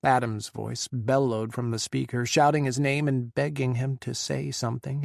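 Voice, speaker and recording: A man reading an audiobook in a measured, dramatic narration style. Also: medium pitch, steady tone, vocal fry, no room sound, clean studio sound. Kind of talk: scripted narration.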